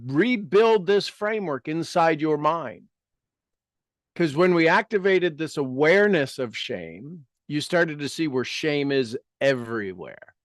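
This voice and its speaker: A man leading a self-help talk, guiding listeners through exercises and asking rhetorical questions, with his loudness rising and dropping. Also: fairly high pitch, expressive, a little slow, no echo, studio quality. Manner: rhetorical questions, repeats phrases for emphasis. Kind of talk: coaching talk with guided exercises.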